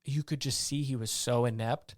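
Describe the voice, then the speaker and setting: A man's voice: medium pitch, moderate pace, no echo, clean studio sound. A man being interviewed as a guest, an army veteran telling blunt stories in a casual way and acting out what he and others said. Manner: animated storyteller who acts out his own past lines; blunt, salty.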